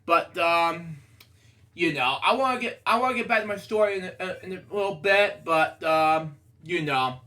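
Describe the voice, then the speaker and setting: A man reading a picture book aloud, drifting into rambling personal tangents with sudden excited outbursts. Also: a little high, moderate pace. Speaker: reader of a children's book.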